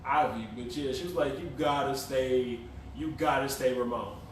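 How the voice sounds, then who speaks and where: A man's voice: mid-range voice, normal speed, distant mic, a little hiss or hum. A young man co-hosting a casual podcast chat, telling stories animatedly, laughing often and swearing freely. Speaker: podcast co-host. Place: room recorded for a live stream. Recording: echoey room, from off the mic.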